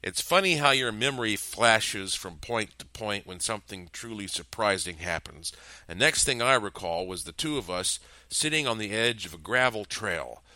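Bright, lively man narrating a story. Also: fairly low pitch, moderate pace, dry recording. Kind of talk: first-person story narration.

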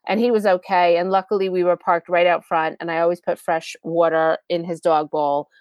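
A woman's voice: lowish voice, level tone, fairly quick, darkish tone, clean tone, no room sound. A woman hosting a podcast, telling a personal story in a chatty, conversational way with asides to the listener. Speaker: podcast host.

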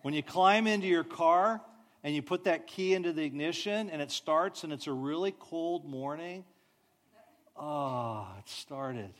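A man preaching a sermon, telling stories with animated delivery and soft, drawn-out sighs. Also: a little high. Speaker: pastor.

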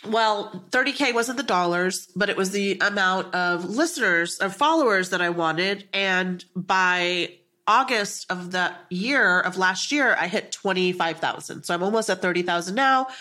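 A woman's voice: mid-range voice, unhurried. A woman hosting a podcast, chatting casually and telling stories with frequent laughter. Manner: animated storyteller, laughs often. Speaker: podcast host.

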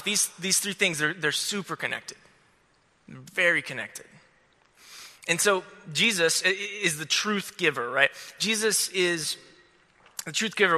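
A man gives a loose, chatty sermon in a very bright, high-ish voice that keeps stumbling over restarts. His words ring out with a long hall reverb behind them. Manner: casual and rambling, many restarts and fillers. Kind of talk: casual sermon.

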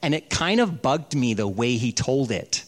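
A man preaching a sermon, telling stories and slowing down for emphasis. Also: medium pitch, lively intonation. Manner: storytelling, slows down for emphasis. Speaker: pastor.

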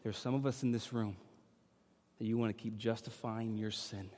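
A male pastor delivering a sermon, moving between loud, urgent preaching and relaxed, joking storytelling. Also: on the low side, moderate pace. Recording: long hall reverb.

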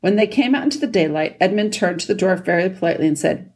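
A woman reading a children's fantasy novel aloud in a steady storytelling manner. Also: on the low side, fast, husky. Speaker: audiobook reader. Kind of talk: scripted narration.

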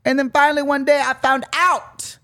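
A young man hosting a podcast in casual chat, animated and dramatic with exaggerated outbursts. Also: extremely high pitch, moderate pace, slight background noise. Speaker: podcast host. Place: Venice, California.

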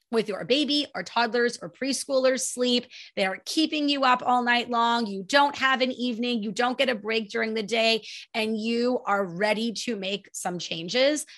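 A woman in her thirties hosting a parenting podcast, chatting in an animated way and acting out her toddler's lines. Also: fairly high pitch, gravelly. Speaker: podcast host, child sleep consultant. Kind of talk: casual solo podcast advice.

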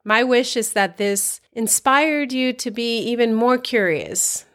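A woman's voice: fairly high pitch, expressive, slow, a bit bright. A woman hosting a spiritual podcast, talking in an earnest, emphatic way and repeating phrases for emphasis. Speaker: podcast host and spiritual coach. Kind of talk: inspirational podcast monologue.

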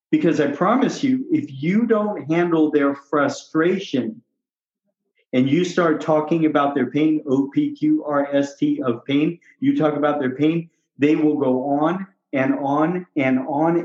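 Doctor guy coaching, fairly high voice, punchy and repetitive, echoey kinda dull audio. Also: darkish tone. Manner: emphatic, repetitive, role-plays patients. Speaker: doctor coaching on patient communication. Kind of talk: casual coaching talk. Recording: roomy, slightly dull recording.

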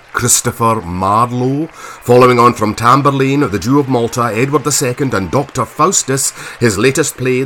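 Man narrating with a lively voice. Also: lowish voice, slight background noise. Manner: dry, wry storytelling. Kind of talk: audiobook narration.

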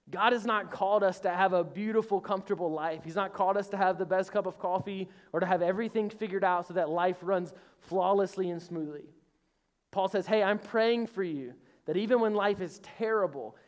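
A male pastor giving a casual, conversational sermon. He speaks earnestly, slips in joking asides and calls on the congregation to respond. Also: sits high.

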